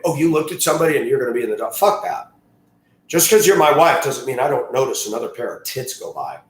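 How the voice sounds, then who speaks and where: A man ranting crudely in a monologue, breaking into loud outbursts and mocking voices. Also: fairly high pitch, roomy sound. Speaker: host.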